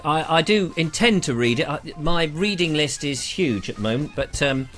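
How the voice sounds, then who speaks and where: Lively, bright-voiced English host. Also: male voice, on the high side, normal speed, faint music behind. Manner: chatty, rambling, playful, reads comments aloud with voices. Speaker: host of a live online show. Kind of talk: casual live-stream chat reading viewer comments.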